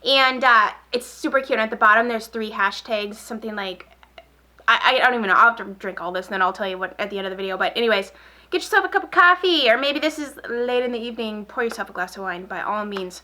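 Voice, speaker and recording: A woman beauty vlogger in a relaxed get-ready-with-me chat, rambling and repeating herself while she applies makeup. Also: a little high, quick pace. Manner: talks while applying makeup.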